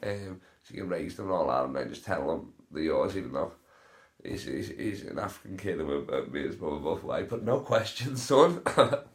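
A man's voice: a bass voice, a little fast. A young man, stoned and hosting a casual solo podcast, rambling through sweary, laughing stories. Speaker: podcast host. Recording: roomy echo.

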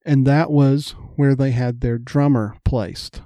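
Mellow-voiced man telling stories. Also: mid-range voice, steady tone, slow pace, dry recording. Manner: rambling anecdotes, acts out quoted voices. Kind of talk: casual chat, storytelling.

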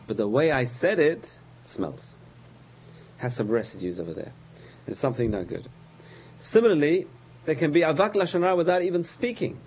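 Husky-voiced man teaching a religious lesson. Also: a little high, animated, highs cut off. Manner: patient, repeats key terms, frequent "uh" pauses. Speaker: Torah teacher.

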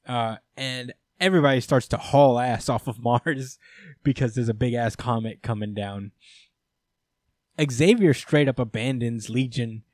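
A man co-hosting a podcast, casually recapping a comic storyline with rambling asides, laughs and quick character voices. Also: medium pitch, a little mellow. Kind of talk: casual comedic recap chat.

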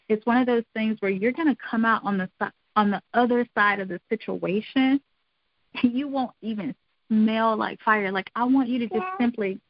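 A woman's voice: medium pitch, no echo, highs cut off. A middle-aged woman giving an earnest, encouraging devotional talk, repeating phrases for emphasis. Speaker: devotional speaker.

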